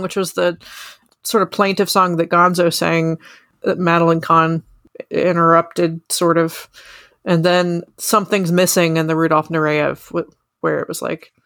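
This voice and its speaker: A woman's voice: fairly low pitch, fairly bright tone, dry recording, studio quality. A woman hosting a podcast in casual chat, who often stops and thinks aloud mid-sentence. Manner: halting, thinks aloud with many fillers. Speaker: podcast host.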